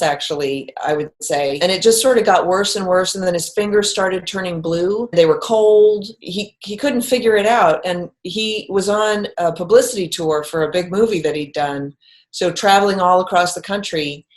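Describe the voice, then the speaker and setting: A middle-aged woman recounting a personal story in conversation, acting out the quoted lines as she goes. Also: mid-range voice. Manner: animated, acts out quoted lines. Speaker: guest telling a personal story.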